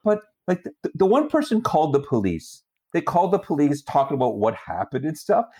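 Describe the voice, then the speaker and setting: A man's voice: a little high, wildly swooping pitch, a little fast, dark tone, breathy edge. A man co-hosting a podcast, telling a story in rambling casual chat and laughing often. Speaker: podcast co-host.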